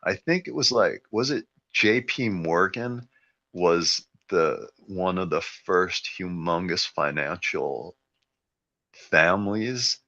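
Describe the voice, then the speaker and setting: Male podcast host, deep gravelly voice, rambling casual opinions. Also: slow, sharp tone. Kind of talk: casual chat. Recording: dull lo-fi sound.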